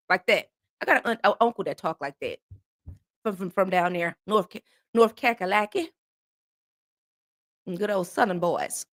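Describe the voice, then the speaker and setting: A woman from the American South hosting a casual chat with viewers, animated and jokey, with exaggerated disbelief. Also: mid-range voice, normal speed. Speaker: host.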